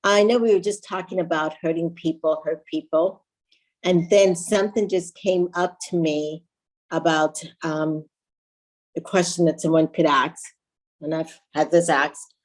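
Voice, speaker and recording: A woman with a very low voice co-hosts a relaxed podcast conversation. She thinks aloud, pauses, and reworks her sentences as she goes. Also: poor audio. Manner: thoughtful, halting, restarts mid-thought. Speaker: podcast co-host.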